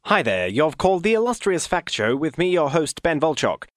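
Deadpan mock-radio host, lively pitch. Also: male voice, moderate pace, dry recording, clean studio sound. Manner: deadpan, pompous. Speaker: comedy show host.

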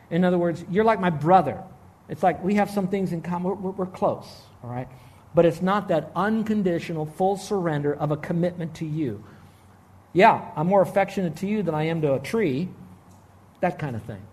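Middle-aged guy preaching, fairly high voice, gets loud then drops real quiet. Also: normal speed. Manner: animated, swings from loud emphasis to hushed quoting. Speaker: pastor. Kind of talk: sermon.

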